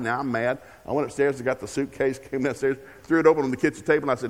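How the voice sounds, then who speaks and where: An older man at a church pulpit tells wry parenting stories and plays both sides of the conversations. His voice sits at an average pitch. A long hall reverb trails behind every line. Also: very fast, hardly any pauses. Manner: humorous storytelling with acted-out dialogue. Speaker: guest preacher. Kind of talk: sermon. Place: church sanctuary.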